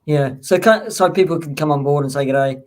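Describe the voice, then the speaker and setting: A man's voice: on the high side, brisk. A man hosting a casual live-streamed chat, talking loosely with many fillers and restarts. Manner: rambling, filler-heavy, warm thanks to chat. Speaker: host.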